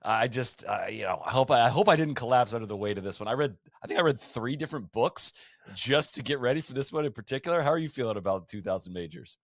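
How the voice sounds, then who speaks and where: A man co-hosting a podcast in casual chat, animated and often restarting his sentences. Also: medium pitch, fast, dry recording, clean studio sound. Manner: animated, with frequent restarts and stumbles. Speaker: podcast co-host.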